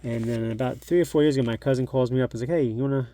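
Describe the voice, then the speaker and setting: A middle-aged collectibles-channel host races through a chatty, nostalgic show-and-tell of an old magazine at home, thinking aloud. His medium-pitched voice is warm and steady in tone, with slight background noise.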